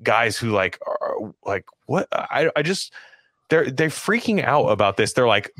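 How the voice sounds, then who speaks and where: A man's voice: mid-range voice, sing-song, unhurried, a bit bright, dry recording, studio quality. A man co-hosting a podcast in casual political chat, rambling with many restarts, fillers and swearing. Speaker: podcast co-host.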